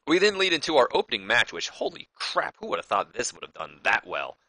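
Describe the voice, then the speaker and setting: A man's voice: medium pitch, huge pitch swings, brisk, sharp tone, no echo, low-quality recording. A man casually commentating a wrestling management game, rambling and correcting himself as he goes. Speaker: gaming YouTuber.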